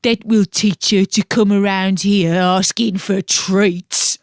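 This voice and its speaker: A woman puts on a grumpy male carp from a children's storybook who grumbles out his words. He is gruff and rude, and he is plainly tired of visitors. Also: medium pitch, fairly even intonation, takes it slowly, no echo, studio quality.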